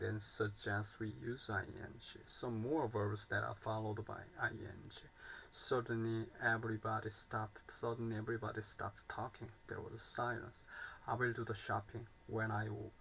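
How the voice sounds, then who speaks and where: Low, gravelly man reading grammar aloud. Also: slight background noise, low-quality recording. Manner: halting, repeats and corrects himself.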